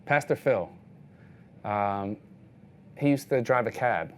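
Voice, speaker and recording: A man's voice: mid-range voice, animated, slow pace, a little hiss or hum. A man in his thirties, a street photographer, giving a casual talk full of anecdotes, leaning on "like" as he retells his encounters. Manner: loose storytelling, heavy use of "like", acts out other people's lines.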